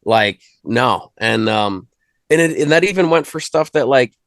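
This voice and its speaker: This rapper, a male interview guest, chats casually in a laid-back, jokey, rambling way, full of restarts and fillers. His medium-pitched voice is gravelly and a bit bright, with lively intonation and an unhurried pace. The studio-quality recording has no echo.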